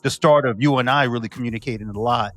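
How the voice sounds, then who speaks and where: A man hosting a podcast interview, chatting casually and acting out stories with lively energy. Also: quick pace. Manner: animated storyteller, acts out quotes with big pitch jumps. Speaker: podcast host.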